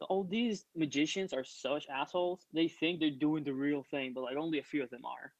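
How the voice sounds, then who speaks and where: A man's voice: fairly high pitch, normal speed, no room sound, dull audio. A man playing a tabletop role-playing game, talking casually and swearing freely. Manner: casual, laid-back, swears. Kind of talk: casual in-character play.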